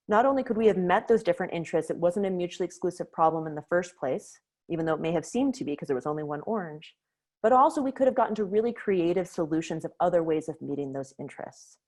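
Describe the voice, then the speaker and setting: A woman leading a webinar on conflict resolution, explaining ideas clearly and telling a story to make her point. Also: on the low side, darkish tone. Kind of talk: webinar lecture. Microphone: webinar microphone.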